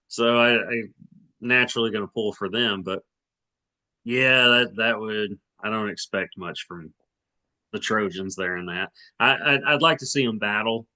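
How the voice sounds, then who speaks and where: A man of around forty from Arkansas talks sports on a podcast in a loose, rambling way. He restarts his sentences and hedges often. His voice sits low but comes across bright and forceful. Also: a little slow. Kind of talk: casual sports chat.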